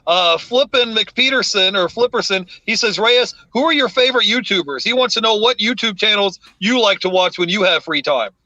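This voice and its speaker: A man's voice: high-pitched, moderate pace, few pauses, sharp tone, dry recording, dull audio. A man hosting a live stream, reading viewer comments aloud in a laid-back way. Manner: reads chat messages aloud, laid-back.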